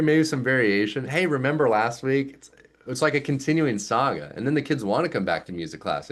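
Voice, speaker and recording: Guy in his 30s explaining music teaching, voice jumps all over, playful demo-y delivery. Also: mid-range voice. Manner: animated, demonstrates sounds with voice play. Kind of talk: casual explanatory talk.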